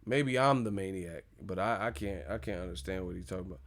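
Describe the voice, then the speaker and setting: A man's voice: sits low, a little fast. A man hosting a casual live stream, ranting in a joking, profane, mocking way.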